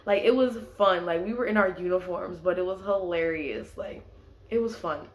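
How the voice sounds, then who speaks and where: Recorded in an echoey space, a young woman with a lowish voice chats through a personal story at normal speed. "Like" keeps popping up as her go-to filler.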